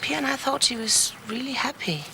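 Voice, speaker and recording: A woman's voice: sits high, animated, a little fast, creaky, pushed and bright, exaggerated voice, low-quality recording. An actress playing a worried mother, anxious and earnest. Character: worried mother of a runaway daughter. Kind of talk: 1990s TV soap acting. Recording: old TV clip with faint noise.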